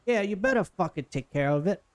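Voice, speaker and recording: A man's voice: high-pitched, lively intonation, a little fast, voice pushed up. A man voicing a brash, foul-mouthed female gang boss in a put-on New Jersey accent. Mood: angry. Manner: loud, swearing, shouting.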